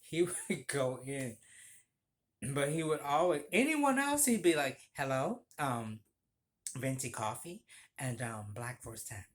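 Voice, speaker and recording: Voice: medium pitch, lively intonation, a little slow. A former barista telling a story in a chatty, gossipy way, laughing often and swearing casually.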